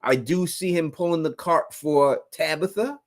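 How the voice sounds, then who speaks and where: A man's voice: fairly high pitch, moderate pace. Blunt slangy male stream host. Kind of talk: casual live-stream chat.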